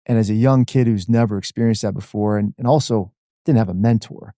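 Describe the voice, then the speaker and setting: A man in his forties from the Washington D.C. area, a podcast guest telling his story in a lively conversational way, peppered with "man" and "like.". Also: on the low side, brisk, no echo, clean studio sound. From Washington D.C. area, USA. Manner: animated, uses "man" and "like" a lot.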